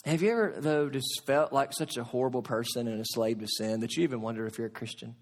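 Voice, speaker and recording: A middle-aged man preaching a sermon as pastor, swinging between loud emphasis and hushed, quiet asides. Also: mid-range voice, fast talker.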